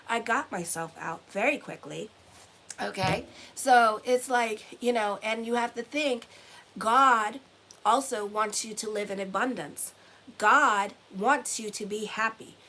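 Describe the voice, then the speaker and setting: A woman's voice: medium pitch, a bit bright, a little hiss or hum. Blunt, swearing woman astrologer. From Haitian heritage. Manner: blunt, swears freely, repeats phrases for emphasis. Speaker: astrologer and tarot reader. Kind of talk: casual motivational talk to viewers.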